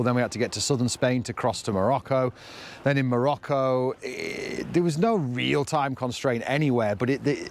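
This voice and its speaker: Middle-aged man, mid-pitched, heartfelt rambling vlog delivery, faint wind outside. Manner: earnest, emotional, rambling. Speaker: vlogger. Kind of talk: casual vlog talk to camera. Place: outdoors by the sea, then in a camper van. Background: faint wind and outdoor ambience.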